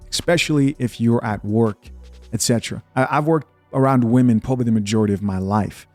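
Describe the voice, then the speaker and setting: A man's voice: mid-range voice, a little mellow, no echo. A man hosting a podcast, giving blunt, opinionated commentary on clips and viewer comments in a casual way. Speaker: podcast host.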